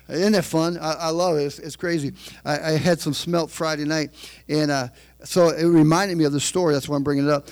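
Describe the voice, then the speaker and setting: A man preaching a sermon, moving from chatty storytelling to loud, shouted preaching. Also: a little high.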